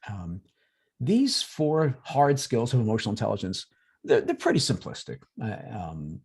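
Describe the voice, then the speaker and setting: A man presenting a workshop in a relaxed, conversational way over a video call, acting out everyday examples. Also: fairly low pitch, moderate pace, breathy edge. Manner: lively, acts out examples in quoted voices. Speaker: workshop presenter on emotional intelligence.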